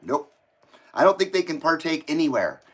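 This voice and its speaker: A man's voice: on the high side, sing-song, moderate pace, a bit bright, breathy edge. A man hosting a casual live stream from home, reading out viewer comments and chatting while he eats. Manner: chatty, talks while eating. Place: home, indoors.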